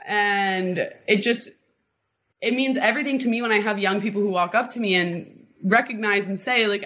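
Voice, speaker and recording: A woman's voice: medium pitch, normal speed, a bit bright. Rambling young woman from Miami. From Miami, Florida. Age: 20s. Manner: rambling, heavy use of "like" and restarts. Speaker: guest. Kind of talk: casual interview storytelling.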